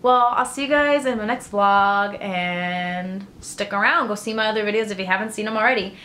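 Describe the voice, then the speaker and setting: A woman vlogging in casual chat, excitable and chatty, filling her talk with "like". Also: mid-range voice, normal speed, a little hiss or hum.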